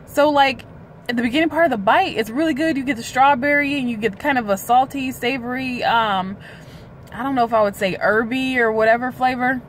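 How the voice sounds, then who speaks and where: A woman's voice: fairly high pitch, a little hiss or hum. A woman chatting candidly in a casual vlog, talking to the camera from a parked car. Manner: chatty and candid, drawn-out filler sounds. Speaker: weight-loss vlogger. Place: parked car outside a hospital.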